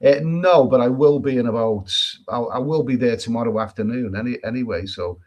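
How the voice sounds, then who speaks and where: A man's voice: medium pitch, brisk, warm tone, muffled recording. A man from England hosting a casual travel live stream, reading viewer comments aloud and answering them in a chatty, repetitive way with many restarts and emphatic opinions. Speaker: travel vlogger host. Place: island in Thailand.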